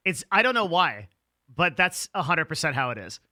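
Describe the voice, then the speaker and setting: A man's voice: fairly high pitch, very animated, normal speed, pushed and bright, no room sound. A man hosting a casual interview, talking with energy and emphasis in slangy speech with swearing.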